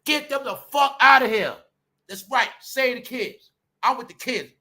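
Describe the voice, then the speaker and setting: High bright-voiced guy, ranting loud and blunt, drops to mutters then yells. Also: a little slow, creaky. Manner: loud, blunt and swinging between shouting and muttering. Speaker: commentary channel host. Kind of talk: profane ranting commentary.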